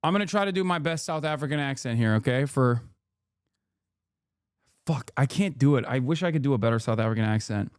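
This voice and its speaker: A man's voice: mid-range voice, animated, brisk, pauses often, clean tone, no room sound, clean studio sound. Profane, incredulous man streaming. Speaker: live streamer. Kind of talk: casual commentary on a live stream.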